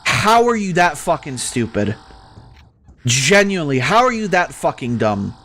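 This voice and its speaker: Man, gaming streamer, casual rant, heated, lots of swearing, stammering restarts, fairly high voice. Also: big pitch swings, measured pace, a bit bright. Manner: exasperated, heated, heavy swearing. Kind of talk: casual rant while playing.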